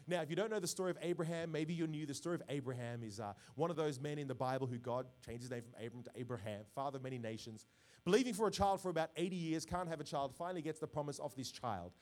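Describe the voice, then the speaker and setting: Pastor, male, fairly high-pitched, sermon delivery with loud emphatic swells and call-outs. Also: fast. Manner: preaching with rising bursts of volume and call-outs.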